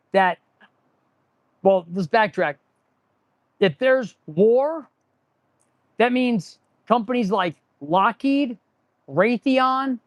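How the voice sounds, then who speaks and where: A man's voice: high-pitched, dry recording. A man who runs a repair shop, hosting a casual live stream. He rambles and rants sarcastically and restarts his sentences often. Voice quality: sarcastic, rambling, talks with his hands on tools. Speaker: auto mechanic and channel host. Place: auto repair shop, indoors.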